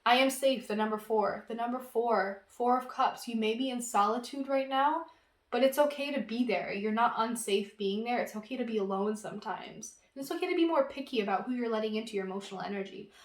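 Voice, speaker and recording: A woman giving an intuitive tarot reading, talking in a gentle, reassuring and casual way with lots of fillers. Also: fairly high pitch, fairly quick, echoey room. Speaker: tarot reader.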